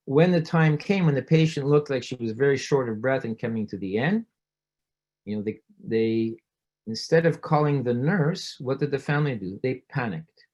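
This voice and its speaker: A man's voice: normal speed, a little mellow, highs cut off. Middle-aged male physician, storytelling lecturer who slips into quoted voices. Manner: storytelling, acts out quoted voices with rising pitch. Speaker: physician giving a public talk. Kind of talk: conversational presentation.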